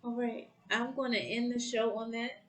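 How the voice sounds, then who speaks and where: A woman's voice: on the high side, steady tone, a little slow, rough recording. A woman hosting a casual spiritual chat on a video call, effusive, heartfelt and emotional as she closes the show. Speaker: host.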